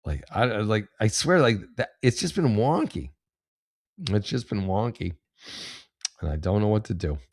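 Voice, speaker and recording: A man with a fairly low voice reads advice posts aloud and then answers them in casual talk. His reactions are blunt, profane and exasperated. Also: lively intonation, moderate pace, long pauses. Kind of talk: casual commentary on read-out posts.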